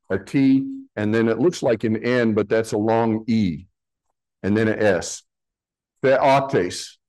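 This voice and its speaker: A pastor teaching a sermon, slowly explaining Greek words from slides in a patient, deliberate way. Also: male voice, on the low side, darkish tone, poor audio.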